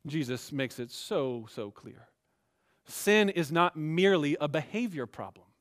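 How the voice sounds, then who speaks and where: A man preaching a sermon as pastor, emphatic, swinging between quiet asides and raised exhortation. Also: a little high, animated, unhurried.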